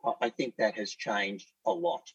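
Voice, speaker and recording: A middle-aged man who is a psychiatrist guest on a radio panel, speaking in a measured, reflective way with hesitant fillers. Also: medium pitch, animated, vocal fry, dry recording, recorded from a distance, lo-fi sound.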